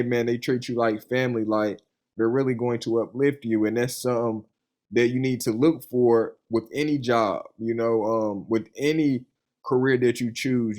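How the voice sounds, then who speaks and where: A young man, a funded trader, talking casually and earnestly in an interview, with a loose storytelling manner full of "you know" and "man". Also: mid-range voice. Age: young adult. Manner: earnest and enthusiastic.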